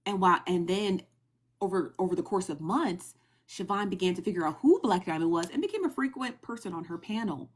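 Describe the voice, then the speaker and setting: A young woman on a phone livestream, casually recapping online gossip in a chatty, animated way and asking her viewers questions. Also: lowish voice, fairly quick. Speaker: TikTok live streamer sharing gossip news.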